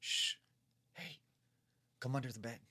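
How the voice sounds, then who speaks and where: A man voicing a menacing unseen man who hides under a bed and coaxes in a hushed tone. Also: medium pitch, fairly even intonation, measured pace. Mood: coaxing. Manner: coaxing, hushed.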